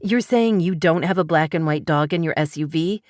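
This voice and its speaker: A woman voicing a determined woman who speaks tensely and forcefully while protecting her dog and a boy, in an audiobook. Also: low-pitched, normal speed, no room sound, clean studio sound, lightly acted.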